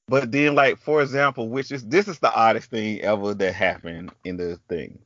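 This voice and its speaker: A man's voice: fairly low pitch, steady tone, measured pace, a bit bright, dry recording, highs cut off. A man with a Southern US country accent hosting a podcast, telling a story in casual chat. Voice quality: chatty, storytelling with quoted voices. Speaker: podcast host.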